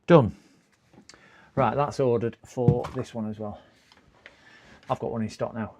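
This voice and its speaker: A middle-aged British man chats casually on a live repair stream, muttering to himself, answering viewers, and occasionally groaning in exasperation as he works. His mid-range voice has a steady, darkish tone, coming at normal speed with long pauses.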